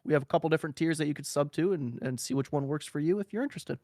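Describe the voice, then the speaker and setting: A man's voice: fairly high pitch, rapid-fire, a little mellow, no echo, studio quality. A man co-hosting a podcast in casual chat, joking and laughing often as he rambles through announcements. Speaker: podcast co-host.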